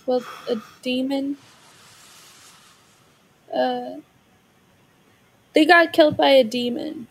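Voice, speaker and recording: A woman's voice: high-pitched, slow, gravelly, pauses often, low-quality recording. A woman playing a tabletop game, joking and hesitant in casual chat. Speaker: player.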